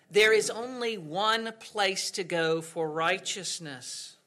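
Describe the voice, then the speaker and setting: A male pastor preaching a sermon earnestly, with dramatic pauses and swings from loud to hushed. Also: high voice.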